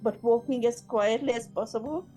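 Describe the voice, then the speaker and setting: A woman's voice: a little high, normal speed, music in the background. A woman playing in a tabletop game, asking tentative questions in character. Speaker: player. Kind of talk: tabletop role-play chat.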